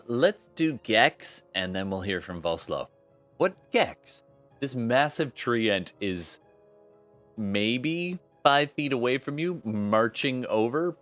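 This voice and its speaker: A man narrates a tabletop game as its game master. His voice sits on the low side and he takes his time, stopping for fillers and restarts. Faint music plays behind him. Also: fairly bright tone. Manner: halting, with fillers and laughter.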